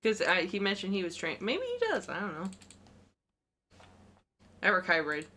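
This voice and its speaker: A woman's voice: mid-range voice, wildly swooping pitch, normal speed, pushed and bright, a little hiss or hum. A woman co-hosting a game stream, chatting casually and telling stories with frequent giggles. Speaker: gaming streamer co-host. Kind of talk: casual chat while playing a game.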